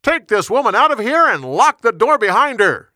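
A cruel young prince barks orders in a loud, harsh shout, as a male storyteller puts him on. The voice rises well above the narrator's own pitch and hits each word hard. The recording is close and dry. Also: sing-song, normal speed, no room sound, heavily acted. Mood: furious.

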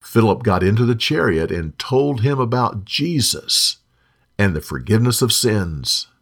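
A man narrating a Bible story in a scripted, expressive reading. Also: on the low side, measured pace.

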